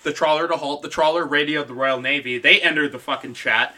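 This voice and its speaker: A man co-hosting a casual history chat, profane and quick to laugh and jump into bits. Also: fairly high pitch, pushed and bright. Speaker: podcast co-host.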